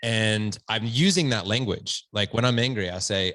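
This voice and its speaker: A man with a fairly low pitch, moderate pace and fairly bright tone is a guest on a podcast, in a conversational interview recorded at home while he stands. He's earnest and reflective, often beginning phrases again, and there's no echo.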